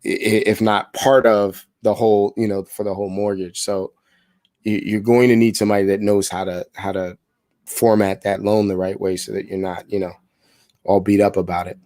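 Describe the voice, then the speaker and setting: Man, low voice, casual and upbeat, sales calls with coaching, restarts a lot, dry close sound. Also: little pitch movement, normal speed, mellow, dry recording. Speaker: sales trainer making live calls. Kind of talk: live phone calls with coaching asides.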